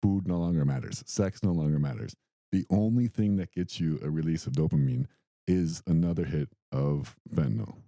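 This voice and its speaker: Low-pitched and speaking at a normal speed, a young man co-hosting a podcast recounts a story in casual talk. He's animated and acts out the quotes, and the recording is dry.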